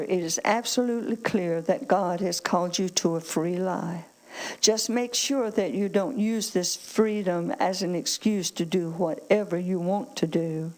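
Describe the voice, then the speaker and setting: Heard on a low-quality recording, a woman's fairly low, slightly mellow voice carries a sermon. She calls out to the congregation for amens and reads scripture aloud with emphasis.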